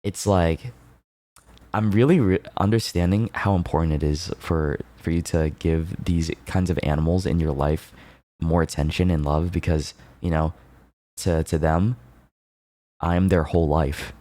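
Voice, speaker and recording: A deep-voiced man chatting on his stream in a loose, playful way. He laughs a lot, jumps between quick asides to his viewers, and teases them. The sound is dry and close. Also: fairly even intonation, mellow, dry recording. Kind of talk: casual chat with chat.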